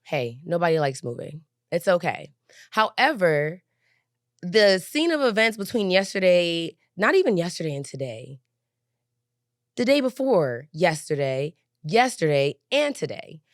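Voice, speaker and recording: A woman's voice: lowish voice, sing-song, measured pace, dry recording, studio quality. A woman hosting her own podcast, venting in a heated, profane way and driving her points home with "okay?". She is angry and shaken. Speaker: podcast host. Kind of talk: casual venting monologue. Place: recording studio couch.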